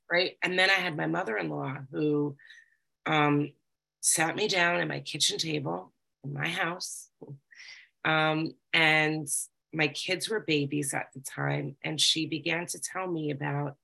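A woman's voice: low voice, gravelly, sharp tone. A woman giving candid personal testimony to a group, talking conversationally with frequent fillers. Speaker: recovery group speaker.

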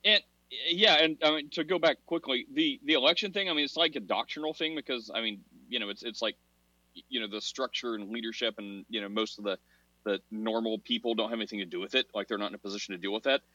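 A man with a mid-range, pushed, bright voice talks fast as co-host of a casual religious discussion podcast. He speaks in long rambling runs full of fillers and laughs at himself. The podcast audio is dull and dry with no echo.

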